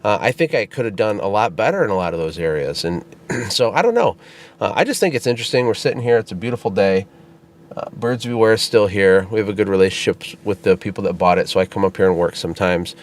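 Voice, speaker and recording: A man co-hosting a casual podcast chat, telling stories in an animated way and laughing as he goes. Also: fairly low pitch, fast. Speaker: podcast co-host and business founder.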